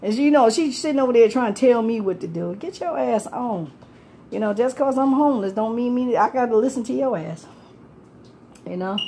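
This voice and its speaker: A woman's voice: fairly high pitch, animated, fast, mellow, a little hiss or hum. A woman, talking casually about her life on the street, rambling, laughing often and swearing freely. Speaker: homeless person telling her story.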